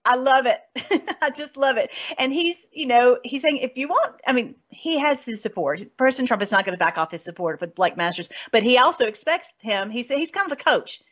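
A woman hosts a casual political commentary show, gushing and breaking into laughter as she talks. Her voice sits fairly high. The sound is dull and lo-fi. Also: animated, brisk, fairly bright tone. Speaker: host.

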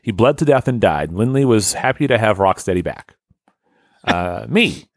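A man's voice: lowish voice, expressive, normal speed, no echo, studio quality. A man co-hosting a podcast, joking crudely in casual banter and laughing often. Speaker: podcast co-host.

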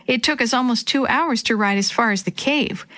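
A woman's voice: fairly high pitch, normal speed, bright, forceful tone, no room sound, studio quality. A woman voicing a young boy on a trail ride in a children's story, matter-of-fact.

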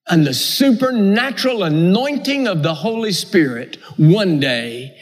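High, animated male preacher in a hall. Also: husky. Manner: emphatic, repetitive cadence. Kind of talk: sermon. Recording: echoey hall.

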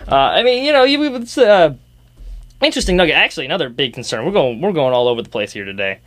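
A man's voice: fairly high pitch, big pitch swings, quick pace, a bit bright, no echo. A young man hosting a casual sports talk show, rambling and ranting with sarcastic jabs. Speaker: sports podcast host.

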